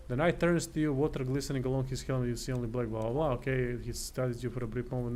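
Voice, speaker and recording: A man's voice: medium pitch, fairly even intonation, fast, few pauses, a little mellow, a little hiss or hum. A tired man streaming, casually reading a text game aloud, swearing now and then and stumbling over words. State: tired, yawning.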